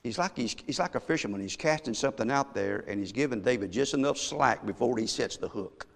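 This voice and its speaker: A male pastor preaching a sermon, telling a story and swinging from hushed asides to shouted emphasis. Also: medium pitch, animated, fairly quick, gravelly. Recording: long echo of a large hall.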